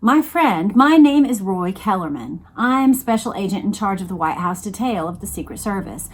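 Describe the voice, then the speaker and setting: Casting: a woman voicing a steady, drawling male agent who refuses to give way. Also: medium pitch, breathy edge. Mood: firm. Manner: deliberate, firm. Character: firm male Secret Service agent with a deliberate drawl. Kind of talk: read-aloud book dialogue.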